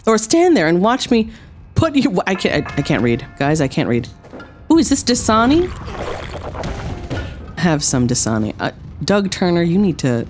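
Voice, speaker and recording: A woman streaming a wrestling game, trash-talking with playful sarcasm, dropping low for tough lines and yelping high when surprised. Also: a little mellow. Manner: swings between low mock-tough lines and high yelps. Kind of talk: live gameplay commentary.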